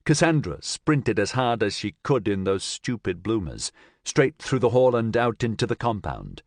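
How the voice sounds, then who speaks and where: A man narrates a science fiction audiobook with expressive storytelling. His voice is low and moves a lot in pitch. The recording is dry and close. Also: moderate pace, no room sound. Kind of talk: scripted narration.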